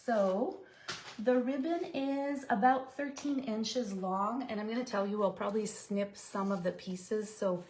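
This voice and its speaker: A woman's voice: mid-range voice, unhurried, darkish tone, reverberant. A woman talks viewers through a card-making project on a live stream, explaining each step as she works and chatting between them. Her voice sits in a middle range. The audio is a noisy livestream recording with clicks behind it. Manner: chatty, explains steps while working, reads viewer comments. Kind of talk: live craft tutorial.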